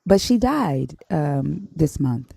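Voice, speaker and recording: A woman with a Southern US twang, talking loosely and warmly with her viewers on a live stream. Her voice sits a bit low and mellow, and the recording is close and dry. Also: very animated, slow, vocal fry, breathy edge, dry recording. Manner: chatty, laughs often, drawls at times. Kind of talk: casual live stream chat.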